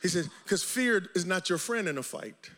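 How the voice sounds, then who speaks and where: Delivering an impassioned sermon at a normal pace, a male preacher swings from shouts to quiet, low murmurs. He repeats phrases in a rhythmic way, and his intonation is lively.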